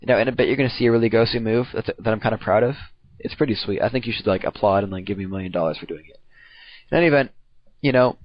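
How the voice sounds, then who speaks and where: Fast-talking young man doing replay commentary. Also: lowish voice, muffled recording. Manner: rambling, profane, slangy. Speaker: player commenting his own match replay. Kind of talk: casual game replay commentary.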